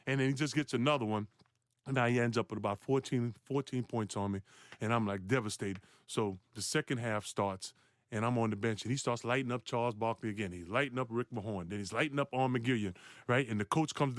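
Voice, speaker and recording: Animated man telling a story. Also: dry recording, studio quality. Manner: animated, acts out quotes with big pitch jumps, laughs. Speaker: former NBA player telling a story. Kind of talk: animated storytelling on a podcast clip.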